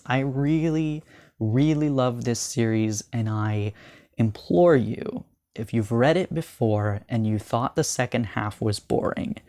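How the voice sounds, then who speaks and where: A young man talking through his thoughts on a manga in a casual review, earnest and halting, with many ums and restarts, slowing and softening at the emotional parts. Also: mid-range voice, dry recording, clean studio sound. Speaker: manga discussion vlogger.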